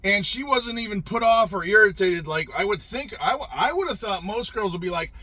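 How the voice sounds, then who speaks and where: Husky middle-aged guy rambling through a story, swearing a lot, voice bouncing all over. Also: sits high, sing-song, a little fast, few pauses, sharp tone. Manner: rambling, profane, emphatic, frequent restarts. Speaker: podcast host telling a personal story. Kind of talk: casual storytelling monologue.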